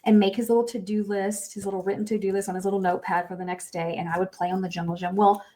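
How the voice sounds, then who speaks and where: A woman's voice: mid-range voice, little pitch movement, fast, mellow. A middle-aged woman co-hosting a podcast, sharing a personal story in an emotional, earnest way with lots of fillers. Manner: emotional, earnest, tells stories with many fillers. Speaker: podcast co-host. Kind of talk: candid conversational storytelling.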